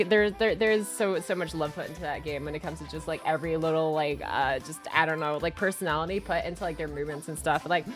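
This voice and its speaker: A young woman streaming and chatting casually with her viewers, rambling with lots of fillers and restarts and breaking into excited squeals. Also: medium pitch. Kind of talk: casual chat reading stream chat.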